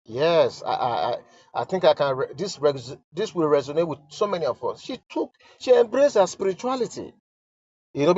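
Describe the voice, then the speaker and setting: Nigerian man, commentator, halting and sighing delivery, dry muffled recording. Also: sits high, mellow, slightly rough, dry recording. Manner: halting and stammering, sighing, repeats himself. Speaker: online commentator. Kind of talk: emotional commentary reading a letter.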